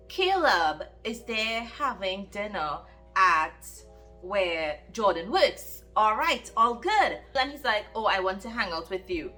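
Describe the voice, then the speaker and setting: A woman's voice: mid-range voice, sharp tone. A woman chatting casually in a reading vlog, animatedly recapping a romance plot and firing off exclaimed questions. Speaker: book vlogger.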